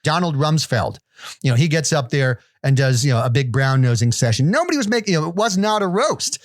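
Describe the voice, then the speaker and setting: A man's voice: fairly high pitch, sing-song, brisk, no echo, studio quality. A man in his fifties co-hosting a podcast, telling rambling, self-deprecating anecdotes full of restarts. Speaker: podcast co-host. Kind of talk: casual chat, storytelling.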